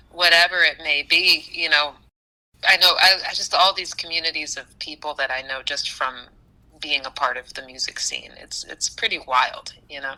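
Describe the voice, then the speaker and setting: Bright-voiced low woman musician chatting. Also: poor audio. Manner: animated, laughs often, many fillers. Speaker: musician guest. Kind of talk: casual interview chat.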